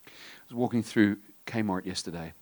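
Lowish-voiced pastor preaching conversationally. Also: male voice, moderate pace. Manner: conversational, jokey asides, drops to hushed intensity. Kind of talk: sermon.

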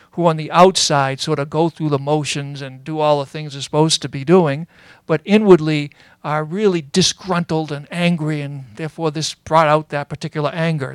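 Earnest male preacher, slightly high voice. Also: clean tone, no echo. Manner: earnest and explanatory, with frequent pauses and fillers. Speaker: Bible teacher. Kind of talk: sermon.

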